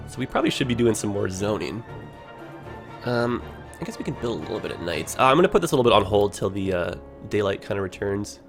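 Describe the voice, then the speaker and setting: A man with a Toronto Canadian accent gives casual commentary on his game stream, chatty and loose with filler words. His voice is gravelly and swings up and down a lot. Faint music runs underneath. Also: fairly low pitch, a bit bright. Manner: chatty, full of "like" and "you know". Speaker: livestreamer.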